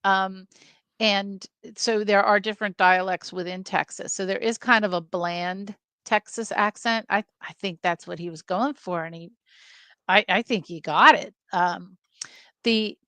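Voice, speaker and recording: A woman talks films on a video call, chatty and explanatory. Her voice sits at a middling pitch for a woman. The sound is dry with no room around it. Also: fairly bright tone, clear, resonant tone, dry recording. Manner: chatty, explains background facts with many fillers. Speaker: film podcast co-host. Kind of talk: casual film discussion.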